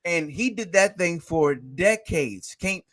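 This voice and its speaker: A man guest on a business talk show speaks with eager energy in a slightly high voice. He often restarts his sentences as he goes. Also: takes it slowly. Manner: energetic, warm storytelling with restarts. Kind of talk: casual interview talk.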